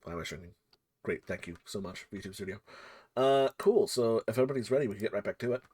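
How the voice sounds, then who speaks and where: A man's voice: fairly low pitch, fast, breathy edge. A man acting as game master, chatting casually and joking at his own expense. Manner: relaxed, swearing, self-mocking. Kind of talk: casual streaming chat between game turns.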